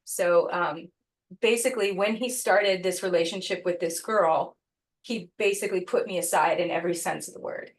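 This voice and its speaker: A woman with a lowish voice, a guest on an interview podcast, tells a personal story earnestly and reflectively, pausing and restarting as she goes.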